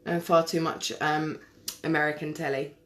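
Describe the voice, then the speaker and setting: During a live makeup tutorial, a woman chats casually with viewers and answers their comments by name. Her low-pitched voice moves at a moderate pace with little pitch variation, captured by a webcam or phone mic on the stream.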